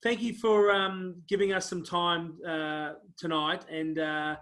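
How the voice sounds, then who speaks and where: A man's voice: sits high, level tone, slow pace. A man hosting an interview show, talking casually and heaping praise on his guest with lots of fillers. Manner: effusive, warm praise, many fillers.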